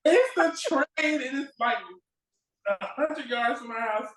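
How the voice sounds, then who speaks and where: A woman guest on an interview show, telling stories in a casual, lively way and acting out the exchanges she remembers. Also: high voice, takes it slowly, roomy sound, poor audio. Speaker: guest actress. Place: at home near a railway line.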